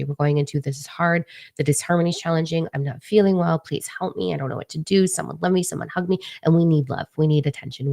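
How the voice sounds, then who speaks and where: Low, gravelly-voiced woman chatting. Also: warm tone, no room sound, clean studio sound. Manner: chatty, swears, plays out voices of others. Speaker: spiritual channeler. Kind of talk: casual spiritual vlog talk.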